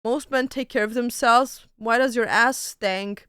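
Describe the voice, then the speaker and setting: Bright, playful young woman streamer. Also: a little high, measured pace, few pauses, smooth, dry recording, clean studio sound. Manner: playful, crude, laughs a lot. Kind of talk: casual livestream chat.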